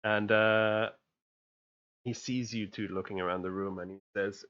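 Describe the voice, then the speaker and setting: A man's voice: on the low side, fairly even intonation, a little slow, fairly bright tone, no room sound, dull audio. A man narrating as game master of a tabletop game, casual and hesitant, with lots of asides.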